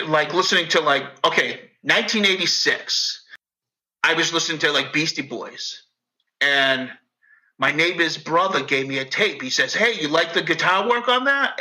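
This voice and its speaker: A man's voice: a little high, sharp tone, poor audio. A middle-aged man with a thick Northeastern US accent, a podcast guest rambling and swearing, full of "like" and "you know". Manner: rambling, profane, heavy on fillers. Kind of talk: casual chat.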